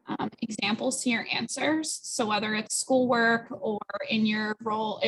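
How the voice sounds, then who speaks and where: A woman recruiter answers panel questions in a relaxed, chatty way, with fillers and quick asides. Her voice sits a little high. She comes through a video call. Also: a little hiss or hum.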